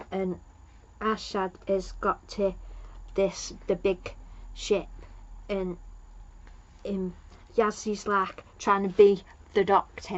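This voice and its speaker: A woman at a middle pitch talks through a TV episode in a loose, chatty recap, stopping to find her place and padding with fillers. The audio sounds a little dull and lo-fi. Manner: rambling, loses her place, many fillers. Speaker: TV episode reviewer.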